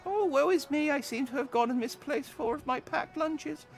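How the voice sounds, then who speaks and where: A man's voice: very high-pitched, normal speed, vocal fry, faint music behind, voice pushed up. A man voicing a fretful little female lunch cook who fusses and dithers in a breathless, worried way. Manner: fluttery, fussing, breathless worry.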